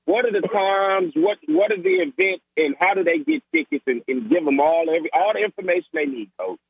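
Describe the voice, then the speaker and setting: A man's voice: high voice, very animated, a little fast, gravelly, husky, no room sound. An upbeat male host of a sports talk show chats with his guest and laughs easily. His voice comes through a narrow, tinny, phone-like channel. The sound is dry. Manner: upbeat, laughs often, says man and Coach a lot.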